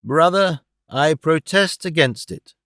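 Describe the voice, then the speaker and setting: A man's voice: a little high, expressive, a bit bright, dry recording, studio quality, exaggerated voice. A man reading an audiobook voices a frail old man whose trembling voice turns fierce and indignant. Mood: earnest pleading. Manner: slow, earnest, protesting.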